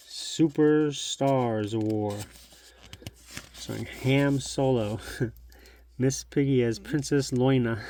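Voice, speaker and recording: A man's voice: mid-range voice, warm tone. Chatty man leafing through an old magazine. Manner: chatty, nostalgic, thinks aloud. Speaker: collectibles channel host. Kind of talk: casual show-and-tell narration.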